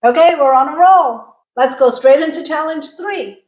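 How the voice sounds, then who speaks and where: Woman coaching pronunciation, slightly high voice. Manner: clear, coaching, repeats sounds slowly for drills. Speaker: pronunciation teacher. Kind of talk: online English pronunciation lesson. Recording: roomy echo.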